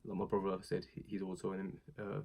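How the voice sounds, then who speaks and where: A man's voice: deep voice, completely flat delivery, brisk, a little mellow. A young British man casually recapping a wrestling show, rambling and chatty, with many fillers and asides. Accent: British English.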